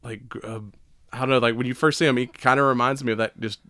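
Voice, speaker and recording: A man co-hosting a casual podcast, retelling a movie in a loose, rambling way with plenty of swearing and laughter. His voice is smooth and clear. The sound is dry and close. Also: mid-range voice, fairly even intonation, quick pace, bright, forceful tone, no room sound. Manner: profane, rambling, laughs often. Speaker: podcast co-host.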